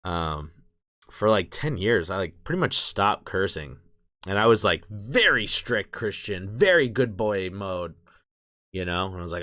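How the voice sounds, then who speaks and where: Laid-back man chatting on stream, lowish voice. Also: animated, normal speed, sharp tone. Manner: rambling, swears casually, lots of fillers. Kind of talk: casual live-stream chat.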